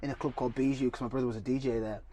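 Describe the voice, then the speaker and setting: A young man, a guest telling animated stories in casual chat and saying yeah over and over. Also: mid-range voice, very fast. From Cumbria, England. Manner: animated storytelling, lots of yeah yeah yeah. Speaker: guest, actor and singer.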